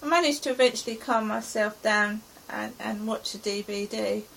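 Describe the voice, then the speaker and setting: A woman's voice: medium pitch, normal speed, creaky, fairly bright tone, a little hiss or hum, rough recording. A middle-aged woman from England giving an anxious, rambling account of her day as a personal diary. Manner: anxious, rambling present-tense retelling. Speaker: vlogger.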